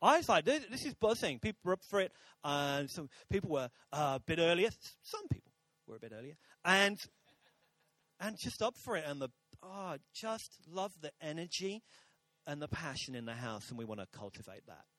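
A man's voice: fairly high pitch, lively intonation, normal speed, sharp tone, dry recording. A man preaching a sermon to a congregation in a church, chatty and jokey, talking with the crowd. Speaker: pastor. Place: church auditorium.

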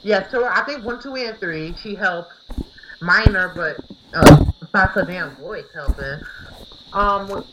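A woman's voice: medium pitch, unhurried. A woman in a casual chat, speaking bluntly and swearing casually. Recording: dull lo-fi audio with faint hiss.

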